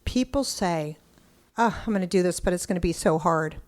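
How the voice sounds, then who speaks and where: A middle-aged woman telling a story as a podcast guest, excitable and blunt, cursing now and then. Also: lowish voice, moderate pace. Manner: excitable, animated storyteller who acts out quotes. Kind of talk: casual interview storytelling.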